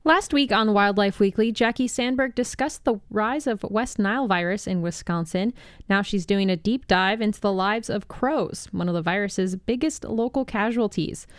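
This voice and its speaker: A woman reads a scripted news introduction with a smooth, even delivery. Her voice sits at a middle pitch, and the sound is dry and close with no room echo. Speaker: news anchor.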